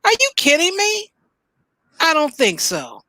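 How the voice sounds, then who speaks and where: A woman's voice: high voice, a little slow. Playful woman riffing on news. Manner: animated, playful, reads headlines aloud then riffs. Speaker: host. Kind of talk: casual reaction commentary.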